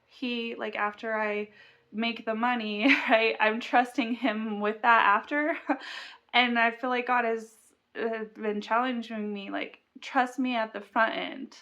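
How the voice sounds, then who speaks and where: A woman's voice: fairly high pitch, fairly even intonation, measured pace, bright, forceful tone, lo-fi sound. A young woman vlogger sharing an earnest, confessional faith reflection to camera. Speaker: Christian vlogger.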